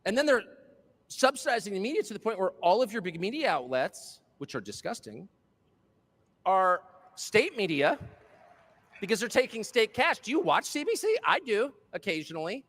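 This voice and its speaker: A man's voice: high voice, sing-song, normal speed, fairly bright tone. A man giving a political speech to a live audience, impassioned and sardonic, with mocking asides. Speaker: speaker addressing a live audience. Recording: long hall reverb.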